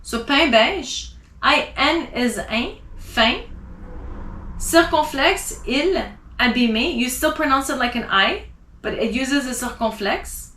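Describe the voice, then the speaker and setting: A woman teaching French pronunciation, spelling out letters and slowly repeating example words. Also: sits high, lively intonation, pushed and bright, reverberant.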